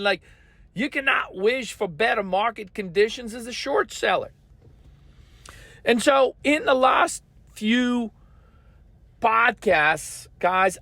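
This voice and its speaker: A man's voice: very high-pitched, vocal fry, bright, forceful tone, no room sound. A man hosting a market commentary podcast, ranting in a profane, scolding and emphatic way.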